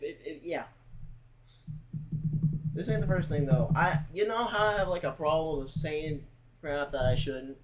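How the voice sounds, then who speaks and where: A man with a fairly high-pitched voice talks casually to his livestream chat, rambling, repeating words, and saying "like" constantly. He sounds earnest and at times close to tears, on a low-quality recording.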